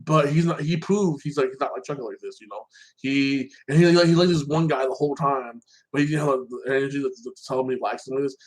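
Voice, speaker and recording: A man's voice: medium pitch, fast, low-quality recording. Rambling man recapping a TV show. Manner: rambling, repeats "like that", swears freely. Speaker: show reviewer. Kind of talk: casual TV episode recap.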